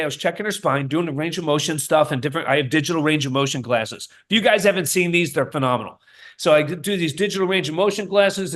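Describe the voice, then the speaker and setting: A man's voice: fairly high pitch, a bit bright. A man who is a chiropractor, speaking as a guest in a casual podcast interview with an emphatic, storytelling manner.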